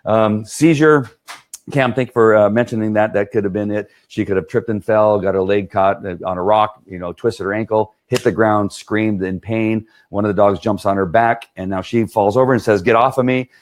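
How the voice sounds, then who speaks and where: Earnest, low-voiced man with many fillers. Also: flat delivery, a little fast, hardly any pauses. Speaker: dog trainer. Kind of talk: live stream talk answering viewers.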